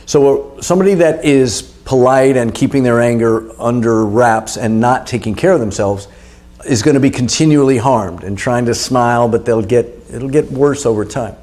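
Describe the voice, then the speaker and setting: A man's voice: mid-range voice, moderate pace, a little mellow. A middle-aged man teaching a guided anger exercise, coaching and urging the listener on.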